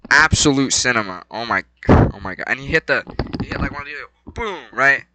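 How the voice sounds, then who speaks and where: A young man recaps fight night in a loose, rambling vlog voice. His tone is very bright and sits at an ordinary middle pitch. He stays excitable and slangy, dropping to mumbles and then leaping into loud outbursts. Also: a little fast, dry recording, rough recording. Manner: excitable, slangy, swings between mumbling and shouting. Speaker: vlogger.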